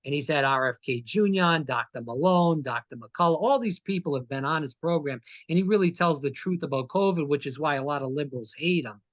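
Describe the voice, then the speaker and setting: A man speaking as a podcast guest in casual interview talk, halting and restarting often. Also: fairly high pitch, dry recording. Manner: halting, many fillers and restarts.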